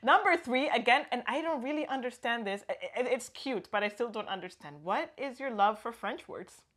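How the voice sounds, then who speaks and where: Casual co-host: woman, talkative, playful with foreign words, slightly high voice. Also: expressive, brisk, fairly bright tone. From Guatemala. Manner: chatty, laughs often, tries out German words. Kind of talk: casual chat.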